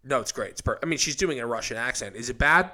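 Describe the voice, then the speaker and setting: A man's voice: mid-range voice, fast talker. A young adult man co-hosting a podcast, chatting casually and gushing with enthusiasm. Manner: excitable, enthusiastic fan. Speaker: podcast co-host. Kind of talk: casual chat.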